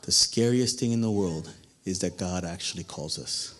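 A man's voice: deep voice, normal speed, a bit bright. A man preaching a sermon, asking the listeners questions and acting out the quoted lines. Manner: dramatic, acts out quotes, asks the congregation questions.

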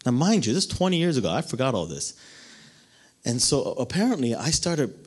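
A man preaching a sermon, telling a personal story with animated delivery and acted-out voices. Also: mid-range voice, fairly quick, slightly rough.

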